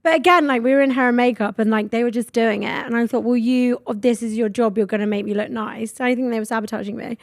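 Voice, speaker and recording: A young woman, hosting a podcast and telling stories in an animated, sweary way. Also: on the high side, fast talker, hardly any pauses, no room sound, studio quality. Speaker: podcast host. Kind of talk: casual chat.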